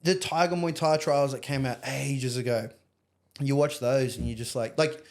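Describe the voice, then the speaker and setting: A man's voice: medium pitch, fairly even intonation, vocal fry. A young Australian man, a podcast guest, telling stories in casual chat with plenty of slang and swearing. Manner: swearing, storytelling, quick slang.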